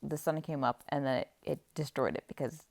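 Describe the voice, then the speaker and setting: A woman's voice: low-pitched, fairly even intonation, brisk, vocal fry. Chatty young woman recapping a book. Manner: chatty and playful, acts out characters' lines. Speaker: book vlogger.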